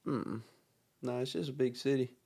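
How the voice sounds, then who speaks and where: A man's voice: mid-range voice, fairly even intonation, normal speed, gravelly, a little mellow. Man, offhand jokes, casual co-host chat. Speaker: podcast co-host.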